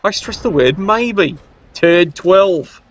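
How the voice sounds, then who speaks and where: Guy doing cheeky game commentary, kinda high voice, slightly dull lo-fi mic. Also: expressive, slow. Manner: cheeky, sarcastic banter. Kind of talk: casual play-by-play commentary.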